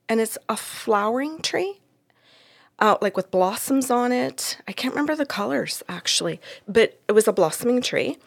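A woman telling a story from a client session in a casual, animated way, acting out the voices in it and laughing often. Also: fairly high pitch, vocal fry.

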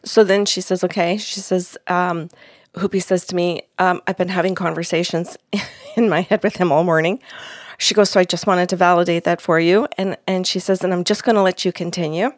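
A woman's voice: fairly low pitch, fairly even intonation, fairly quick, no room sound, studio quality. A woman psychic medium telling the story of a reading in casual chat, acting out each side of the talk in quotes. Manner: retells a reading in quoted dialogue.

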